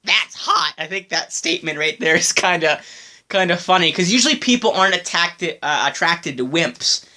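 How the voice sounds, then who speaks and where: A man's voice: fairly high pitch, moderate pace, sharp tone. A man giving casual reaction commentary on a video, stammering, giggling and apologizing as he talks.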